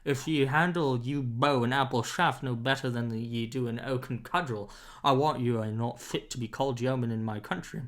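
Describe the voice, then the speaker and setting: A man voicing a tall, sturdy young stranger who speaks in a gruff, surly, blunt way, in an audiobook reading. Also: mid-range voice, moderate pace, a bit bright, voice pushed down, lightly acted. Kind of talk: audiobook character voice.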